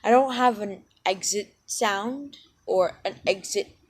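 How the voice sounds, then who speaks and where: A woman's voice: mid-range voice, slow pace, slight background noise. A woman in a casual vlog, rambling and self-deprecating, full of ums and side-tracks, talking into a cheap headset mic. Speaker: channel owner.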